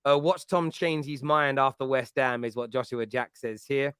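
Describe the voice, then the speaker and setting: A man's voice: medium pitch, moderate pace, fairly bright tone, smooth, dry recording, clean studio sound. A man, hosting a casual football chat and telling rambling, jokey stories. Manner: chatty, rambling, jokey storytelling. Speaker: podcast host.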